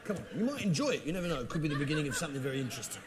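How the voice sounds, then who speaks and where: A brash English man performing stand-up on a theatre stage, his fairly high voice swooping up and down as he blusters with mock patriotism. He fires asides straight at the crowd, and loud audience noise fills the live recording. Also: big pitch swings, racing. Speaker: stand-up comedian. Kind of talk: stand-up comedy with crowd work.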